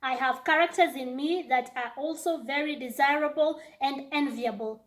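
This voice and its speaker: Young woman, bright high voice, earnest and reflective vlogger. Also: moderate pace. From Kenya. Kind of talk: casual monologue.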